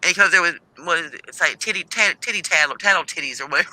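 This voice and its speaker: A man's voice: sits high, wildly swooping pitch, fast talker, sharp tone, poor audio. A man in casual gossip chat, laughing often and acting out what others said.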